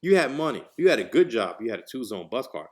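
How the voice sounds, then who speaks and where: A man's voice: medium pitch, fast. A man hosting a podcast, telling a story in casual, profane talk, acting out the voices of the people in it. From New Jersey, USA. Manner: profane, animated, acts out quoted voices. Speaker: podcast host.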